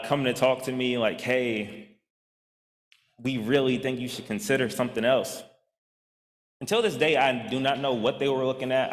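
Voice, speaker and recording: Young man telling his story in a reverberant hall. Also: fairly low pitch. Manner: animated storyteller, acts out quoted lines, frequent fillers. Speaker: keynote speaker. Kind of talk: personal storytelling speech. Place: large event hall.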